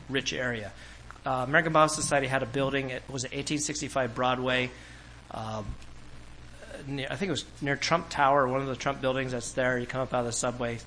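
Pastor from California, bright, forceful voice, animated storyteller. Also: male voice, mid-range voice, slight background noise, low-quality recording. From Orange County, California. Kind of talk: sermon.

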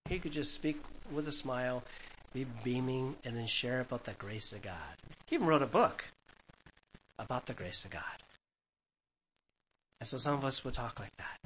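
A pastor in his fifties gives a lively, conversational Bible-teaching sermon to his congregation, at a moderate pace and medium pitch. He laughs now and then at his own stories, and the low-quality recording carries slight background noise.

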